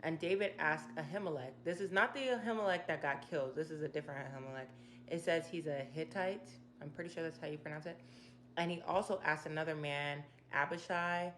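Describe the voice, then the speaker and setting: A woman hosting a casual Bible chapter breakdown, retelling the story in her own slangy words with animated, opinionated asides. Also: sits low, brisk, slight background noise. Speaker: Bible study video host.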